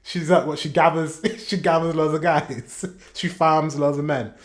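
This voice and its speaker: A man's voice: a little high, fairly even intonation, moderate pace, few pauses. Chatty man reacting. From Yorkshire, England. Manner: chatty and rambling, with frequent self-corrections and chuckles. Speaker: reaction video host. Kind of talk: casual reaction commentary.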